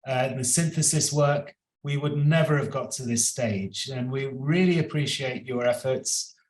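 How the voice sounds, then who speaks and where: A man of middle pitch leads a project and gives a formal thank-you speech at an event. He halts often, filling pauses and repeating words as he goes. His voice sits in a roomy, echoing space. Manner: halting, with many repeated words and fillers. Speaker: project leader giving closing thanks. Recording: roomy echo.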